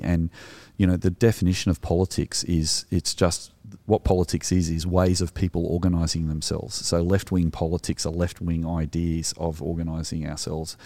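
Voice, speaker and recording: A man's voice: low voice, dark tone, dry recording. A middle-aged Australian man co-hosting a podcast, talking in an earnest, reflective way with frequent hesitations. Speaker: podcast co-host. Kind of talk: casual podcast discussion.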